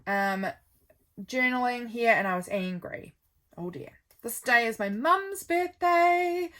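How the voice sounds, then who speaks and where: A woman's voice: lowish voice, fairly bright tone. Chatty New woman, rambling. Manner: rambling, chatty, lots of ums and trailing off. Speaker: vlogger. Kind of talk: casual chat, calendar flip-through.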